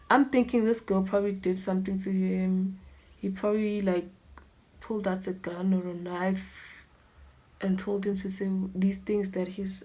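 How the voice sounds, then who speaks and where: Slow, hushed South African woman. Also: medium pitch, fairly even intonation. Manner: dramatic storytelling, often dropping to a soft near-whisper. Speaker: YouTuber. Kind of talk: storytime chat while doing makeup.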